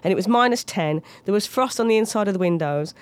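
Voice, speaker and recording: A woman's voice: mid-range voice, fast. A woman in her thirties, a comedian guest, chatting casually and telling anecdotes with lots of put-on voices. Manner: animated storytelling with mimicked voices.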